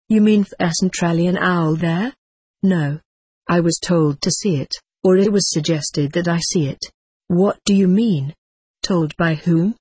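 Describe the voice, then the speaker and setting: A woman reading a hypnosis session aloud, speaking each part in an even, measured narrating voice and reading the cues out. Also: on the low side, breathy edge, no room sound. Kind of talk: audiobook narration.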